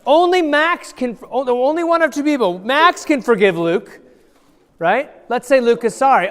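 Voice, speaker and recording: A male pastor telling a Bible story to children in a playful, animated way, asking the kids questions and acting out voices. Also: extremely high pitch, normal speed. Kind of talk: lively children's sermon with audience participation. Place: large church hall. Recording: long church hall reverb.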